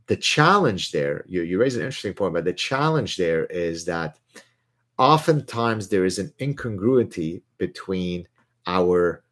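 A middle-aged man hosting a live question session, talking in an animated, digressive way with frequent restarts. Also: deep voice. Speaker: host answering viewer questions. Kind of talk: live question-and-answer stream.

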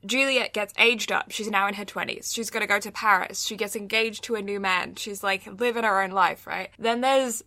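A woman's voice: medium pitch, fairly even intonation, moderate pace, few pauses, bright, forceful tone, dry recording. A young woman co-hosting a casual podcast chat, ranting with lots of fillers and laughs. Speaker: podcast co-host.

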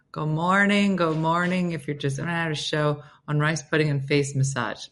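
Speaking briskly in a low register, this woman runs a laid-back morning livestream recorded on a phone, trading playful chatter with her audience and her dog.

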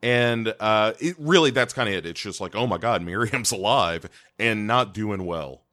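Man, podcast co-host, lowish forceful voice, deadpan rambler. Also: moderate pace. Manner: deadpan, rambling with many fillers. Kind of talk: casual chat.

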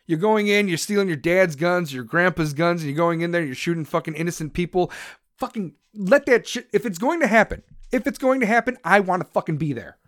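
A man's voice: sits high, a little fast, fairly bright tone, no echo, studio quality. A man delivering an angry, profane rant to camera, aggressive and swearing constantly. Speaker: vlogger.

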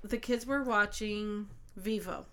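A woman co-hosting a podcast, telling a rambling story in an animated, casual way. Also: medium pitch, slow pace. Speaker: podcast co-host. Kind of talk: casual chat.

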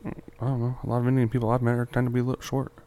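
A man's voice: mid-range voice, monotone, rapid-fire, mellow. A young man co-hosting a podcast, chatting casually with loose, profane storytelling. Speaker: podcast co-host. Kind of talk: casual chat.

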